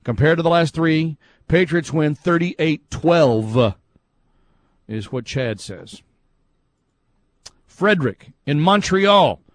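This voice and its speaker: A man's voice: a little high, takes it slowly, no echo. A man hosting a sports podcast, casually chatting and reading out listener emails in an upbeat way. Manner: chatty and upbeat, often laughing at messages. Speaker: podcast host.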